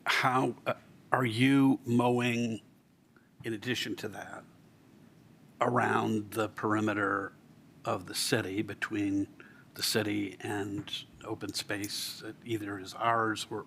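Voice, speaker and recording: A man on a city council asking staff questions at a meeting, halting with many ums and restarts. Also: on the low side, fairly even intonation, a bit bright, a little hiss or hum. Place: council chamber.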